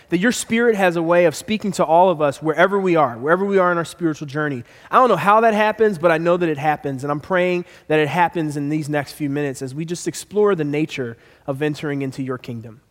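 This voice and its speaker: A man's voice: sits high, in a large hall. A man preaching a sermon as pastor, emphatic and repeating his key phrases.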